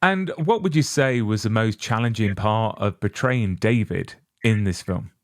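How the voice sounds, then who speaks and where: A man's voice: on the low side, unhurried, no room sound, clean studio sound. A British man hosting an interview, chatty and joking at his own expense. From Britain. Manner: chatty, self-deprecating. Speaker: interview host. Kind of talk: casual interview.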